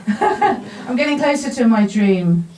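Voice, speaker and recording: A woman tells a funny story about her acting career to a live crowd, mocking herself and laughing along the way. Her voice is mellow and low-key. She sounds set back from the mic, with the room's echo around her. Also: big pitch swings, slow pace, a little hiss or hum. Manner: self-deprecating, laughs often at her own story. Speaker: actor telling her story to a live audience. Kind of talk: humorous personal storytelling talk. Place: bar event space before an audience. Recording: roomy sound from a distant mic.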